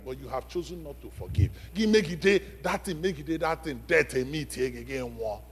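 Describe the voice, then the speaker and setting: A man preaching a sermon, emphatic, asking the congregation questions and swinging from loud to hushed. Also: on the high side, lively intonation, fairly quick, a little hiss or hum. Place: church sanctuary. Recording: long reverb of a church hall.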